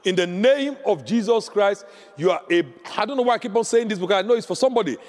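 A man's voice: high voice, expressive, quick pace, a little mellow, long reverb tail. A man preaching a sermon as pastor, impassioned and repeating lines for emphasis.

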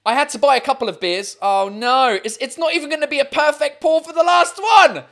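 A man's voice: extremely high pitch, a little fast, vocal fry, fairly bright tone. A man hosting his own live stream show, chatting casually and swearing freely.

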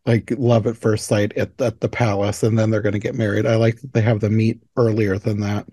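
A man hosting a relaxed film podcast, his voice mellow and dark. He talks casually with lots of fillers and laughs easily. The sound is dry and close. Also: on the low side, a little fast, breathy edge, no room sound. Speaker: podcast host. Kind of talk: casual chat.

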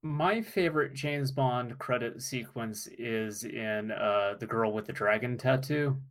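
A man in a casual podcast conversation, talking through his take on films. His voice sits mid-pitched, and he is opinionated and relaxed. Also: unhurried. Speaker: podcast co-host. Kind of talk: casual movie discussion.

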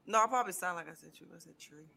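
A woman co-hosting a podcast in casual chat, talking in quick, laughing bursts. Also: fairly low pitch, lively intonation, gravelly, bright, forceful tone. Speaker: podcast co-host.

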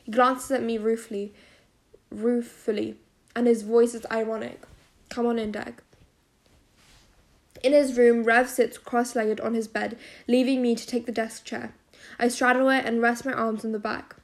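A woman narrating a first-person novel as an audiobook, in a steady storytelling manner. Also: a little high, moderate pace, hardly any pauses.

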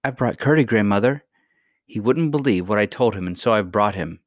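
A man's voice: lowish voice, animated, fairly quick, no echo, clean studio sound, lightly acted. A man reading a storybook, voicing a young princess, a little girl who talks in an eager, pleading way.

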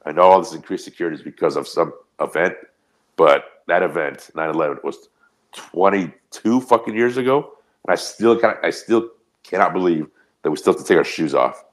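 A man with a very low, deep voice tells a loose, rambling story on a podcast. He swears freely and keeps the tone casual and animated, with a lot of asides. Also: a little fast. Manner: rambling, profane, animated anecdote. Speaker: podcast co-host.

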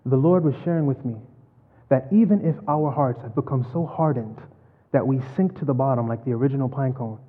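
A man preaching a sermon and telling a story, swinging from loud to hushed. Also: medium pitch, brisk, slightly rough. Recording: phone-like, long hall reverb.

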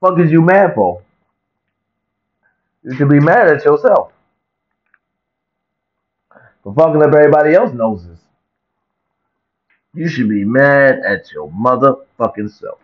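A man's voice: medium pitch, a little slow, pauses often. A man ranting profanely and comically to camera in a vlog, repeating himself for effect. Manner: profane, animated, repetitive rant. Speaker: vlogger. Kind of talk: comedic rant to camera. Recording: dull lo-fi recording.

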